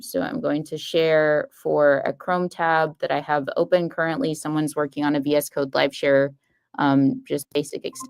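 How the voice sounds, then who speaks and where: A woman's voice: sits low, darkish tone, clean tone. A woman speaking as a guest expert on a live coding stream, hesitant and thinking aloud. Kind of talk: live coding demo, casual.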